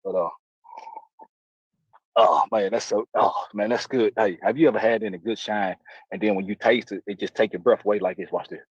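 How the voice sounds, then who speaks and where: A man's voice: on the low side, fairly even intonation, moderate pace, husky, dry recording. A man putting on a boastful, rowdy backwoods moonshiner character, talking in a brash, rambling, hollering way for a comedy sketch. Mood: boisterous. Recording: dull lo-fi dry sound.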